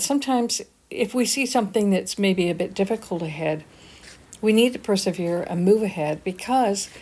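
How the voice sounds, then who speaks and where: A woman's voice: medium pitch, a little mellow. An older woman narrating her outdoor vlog in an earnest, encouraging, motivational way. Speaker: vlogger.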